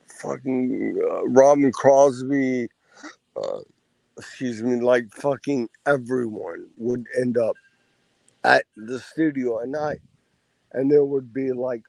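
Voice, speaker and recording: Slow, gravelly-voiced man telling stories. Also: mid-range voice, a little mellow, no echo, low-quality recording. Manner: profane, laid-back anecdotes. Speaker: podcast guest. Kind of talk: casual storytelling.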